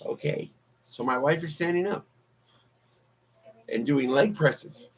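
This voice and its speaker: A man's voice: a little high, slow, slightly rough, low-quality recording. A man chatting casually on a live stream as a vlogger, rambling with many fillers and restarts. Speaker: YouTube vlogger.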